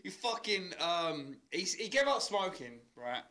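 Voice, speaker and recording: A man's voice: high voice, big pitch swings, a little slow, pushed and bright. A man co-hosting a casual podcast chat, telling sweary anecdotes and often laughing. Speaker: podcast co-host.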